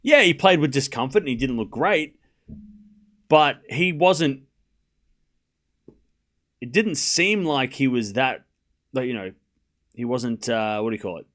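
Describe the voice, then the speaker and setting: A man's voice: mid-range voice, expressive, unhurried, pauses often, fairly bright tone. A young Australian man giving casual, self-deprecating live tennis commentary to his stream chat.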